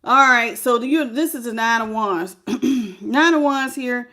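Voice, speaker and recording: A woman, giving a lively, sassy live tarot reading straight to the viewer. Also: on the high side, a little slow, slight background noise. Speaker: tarot reader.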